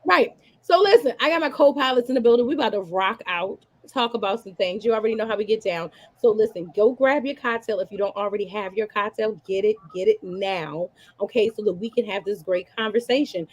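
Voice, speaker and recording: A woman hosting and comedian, running a lively podcast chat over a video call with hyped, repetitive call-outs to the audience. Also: medium pitch, fairly quick. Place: Baltimore.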